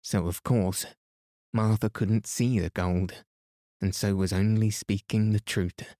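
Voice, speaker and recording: A man narrating a bedtime story in a calm, soothing reading voice as the podcast host. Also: lowish voice, slow, no room sound, clean studio sound.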